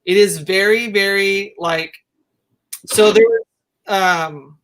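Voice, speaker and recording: A woman hosting a casual interview who asks questions in halting, self-interrupting bursts. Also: mid-range voice, steady tone, a bit bright. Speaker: interview host.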